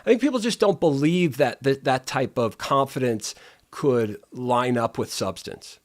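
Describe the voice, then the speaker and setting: A man's voice: medium pitch, expressive, measured pace. A man hosting a live stream, rambling casually with lots of restarts and playful alliteration. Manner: rambling, wordplay-loving, self-interrupting.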